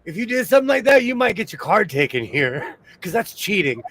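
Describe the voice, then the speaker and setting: A man's voice: sits high, very animated, a little fast, fairly bright tone. A man chatting casually as co-host, telling stories and laughing often. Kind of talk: casual chat.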